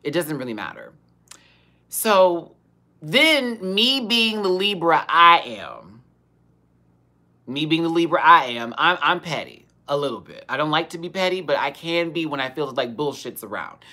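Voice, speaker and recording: A woman's voice: low-pitched, lively intonation, measured pace, bright, forceful tone. A young woman hosting a live Q&A, telling a story in a sassy, profane, dramatic way with bursts of laughter. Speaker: host of a live Q&A show. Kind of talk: casual storytelling on a livestream.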